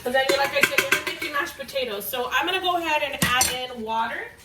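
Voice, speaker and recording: A woman's voice: high voice, fast talker, roomy sound, recorded from a distance, heavy background noise. A young woman vlogging in her home kitchen, chatting casually and swearing freely as she tells a story while cooking. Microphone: camera away from the cook.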